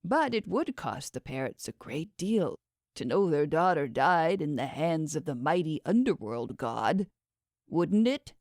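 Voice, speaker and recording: A woman voicing a smooth, condescending male schemer who talks others into his plans. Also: low-pitched, big pitch swings, unhurried, a little mellow, no echo, clean studio sound, heavily acted. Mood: persuasive. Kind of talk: audiobook character voice.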